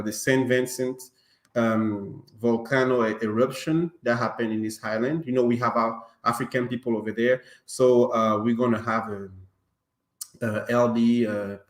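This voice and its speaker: Joking male podcast host in an echoey room. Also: mid-range voice. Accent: non-native English. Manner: joking, loose, many fillers and restarts. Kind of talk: casual online podcast chat. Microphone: online stream call.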